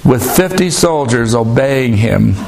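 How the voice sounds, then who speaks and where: Slow gravelly male preacher. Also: medium pitch, expressive, a little mellow, soft background music. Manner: slow, emphatic, retells scripture with asides. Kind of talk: sermon.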